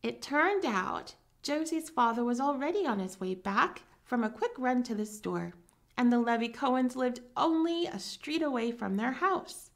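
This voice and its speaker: A woman reading a children's story aloud in a gentle, storytelling manner. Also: fairly high pitch, lively intonation, moderate pace, vocal fry.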